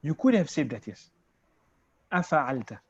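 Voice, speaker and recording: A man's voice: a little high, sing-song, a little slow, a little mellow, husky, no room sound. A man teaching an online Arabic class, explaining step by step and checking that his students follow. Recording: dull, lo-fi video call audio.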